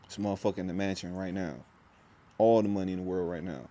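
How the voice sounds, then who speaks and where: Man, very low voice, rambling intense vlog monologue, slangy, faint background hum. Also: steady tone, fast, dark tone. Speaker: vlogger.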